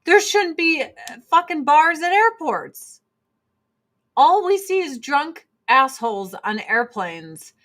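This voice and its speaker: A woman's voice: high-pitched, very animated, slow pace, fairly bright tone. A woman vlogger ranting to camera in a blunt, profane, exasperated way while doing her makeup. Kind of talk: casual ranting chat to camera.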